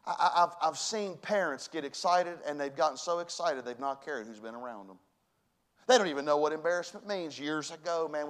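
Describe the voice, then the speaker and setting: A man preaching a sermon as pastor, folksy and emphatic, dropping to a hush and then rising to loud exhortation. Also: fairly high pitch, clean tone.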